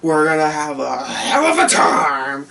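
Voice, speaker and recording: A man voicing a menacing, taunting male supervillain, gloating in slow, drawn-out lines. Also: a little high, very animated, vocal fry, distant mic, a crowd in the background, full character voice.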